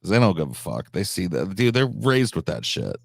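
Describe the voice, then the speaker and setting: A man's voice: low-pitched, big pitch swings, brisk, vocal fry, no room sound, studio quality. A man from the United States chatting casually on a live stream, blunt and rambling, with frequent swearing.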